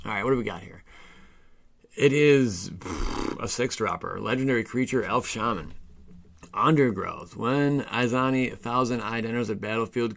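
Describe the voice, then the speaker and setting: A man hosting a card game channel, excitedly reviewing new card spoilers in a casual way, reading card text aloud and tripping over his words. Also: fairly low pitch, creaky.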